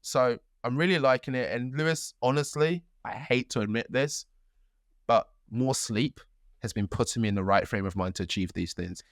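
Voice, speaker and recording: A young man co-hosting a podcast, telling a story in a lively way with acted-out quotes. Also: medium pitch, moderate pace, no echo, studio quality. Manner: animated storytelling, acts out quotes. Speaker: podcast co-host. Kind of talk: casual chat.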